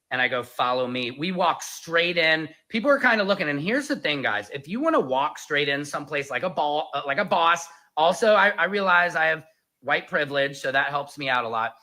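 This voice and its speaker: A man's voice: a little high, sharp tone, low-quality recording. A man telling a story in a casual, jokey vlog and calling his viewers Patriots. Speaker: online commentator.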